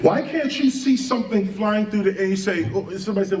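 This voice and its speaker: High-voiced man lecturing with rhetorical questions. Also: fast, distant mic. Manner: fires rhetorical questions and spells words out letter by letter; animated, often breaks into laughter mid-sentence. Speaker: live stream speaker. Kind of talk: impassioned spoken lecture. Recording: echoey room, voice set back from the mic.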